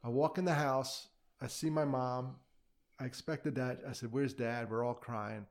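A man's voice: medium pitch, steady tone, measured pace. A middle-aged man, a podcast guest, telling a personal story in a candid, conversational way, with quoted asides.

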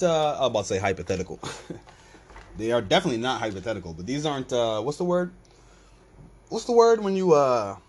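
Speaking at medium pitch with a slightly rough edge, a man hosts a podcast. He rambles through a loose comic monologue, animating his stories with voiced bits.

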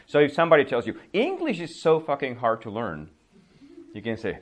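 A man in his thirties with a somewhat low voice runs a relaxed English lesson. He chats his way through everyday phrases, laughs easily, and slips into quick acted-out examples. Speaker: English teacher. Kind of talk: casual spoken English lesson.

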